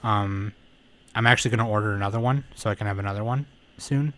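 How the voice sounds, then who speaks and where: A man hosting a podcast in casual chat, excitable and swearing freely. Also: on the low side, fast talker. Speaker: podcast host.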